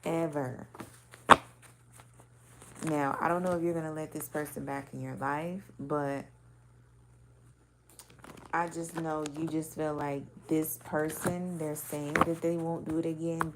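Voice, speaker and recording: A woman's voice: low-pitched, steady tone, unhurried, heavy background noise. A woman giving a casual intuitive reading, talking loosely and bluntly with swearing and many filler words. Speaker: spiritual card reader.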